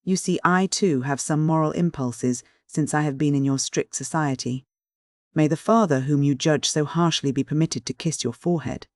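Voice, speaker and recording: A man's voice: fairly high pitch, moderate pace, a little mellow, no room sound, clean studio sound, close to an everyday voice. A man voicing a bankrupt old noble father, flowery, mocking and cynical in a storybook reading.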